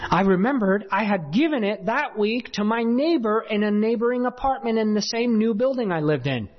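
Animated preacher man, lo-fi sound. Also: high voice, normal speed, long reverb tail. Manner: animated, swings between loud and hushed. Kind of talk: sermon storytelling. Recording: dull lo-fi sound.

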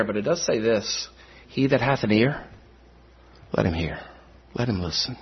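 A middle-aged man preaching a sermon in a chapel, swinging between high, loud, fast outbursts and low, quiet asides. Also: animated, a little hiss or hum. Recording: muffled dull recording.

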